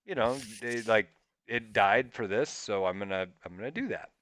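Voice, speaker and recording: Animated man telling a story, bright voice. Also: moderate pace. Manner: animated, swearing, jumps into squeaky high pitch when quoting himself. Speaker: podcast co-host. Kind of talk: casual storytelling.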